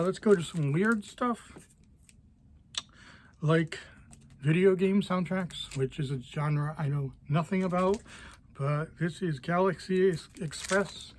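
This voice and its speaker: A record store owner walking through new arrivals in a casual, offhand way, quickly listing titles and prices. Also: male voice, fairly high pitch, darkish tone, slight background noise. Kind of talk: casual product walkthrough.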